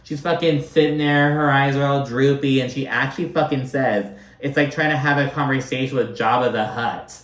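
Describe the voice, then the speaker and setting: A man's voice: mid-range voice, normal speed, fairly bright tone, reverberant. A man giving casual, profane commentary on a reality show, talking loosely and filling his speech with "like". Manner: profane, chatty, filler-heavy with constant "like".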